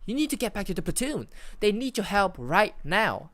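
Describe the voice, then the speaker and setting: A streamer voicing a startled, raspy-voiced comrade speaking over a walkie-talkie in an interactive story. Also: medium pitch, big pitch swings, fairly bright tone, dry recording, pitched above the performer's own voice. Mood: alarmed. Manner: urgent, rapid, startled. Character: frantic radio voice of a platoon comrade.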